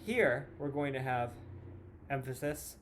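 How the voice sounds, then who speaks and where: A man explaining time signatures as a music teacher, patient and clear, counting beats aloud. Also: medium pitch, normal speed, a little hiss or hum. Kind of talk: classroom lesson explanation.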